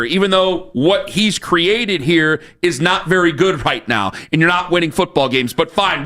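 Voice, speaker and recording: A man's voice: high voice, pushed and bright. Fired-up sports radio host man. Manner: fired-up, repetitive, challenging. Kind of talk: sports talk radio rant. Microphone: studio microphone.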